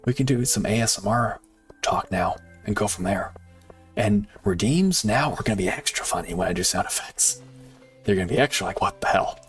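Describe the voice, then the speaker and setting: A man streaming a game live, chatting casually with viewers and swinging from excited shouts to quiet muttering. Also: fairly low pitch, brisk, faint music behind. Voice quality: animated, laughs often, jumps between excited shouts and quiet muttering.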